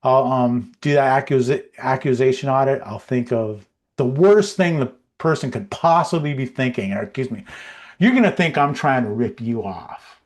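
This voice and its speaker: A man's voice: mid-range voice, moderate pace. Rambling casual man on a livestream. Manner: relaxed, rambling, many fillers and restarts. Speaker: co-host. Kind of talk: casual podcast chat.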